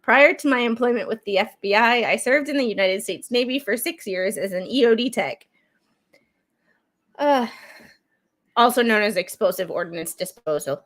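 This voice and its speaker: A woman's voice: on the high side, animated, normal speed, a bit bright. A woman streaming true crime content, reading court documents aloud in a casual, chatty way with frequent asides. She is getting over a cold and coughs now and then. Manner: chatty, digressive, breaks off into asides while reading.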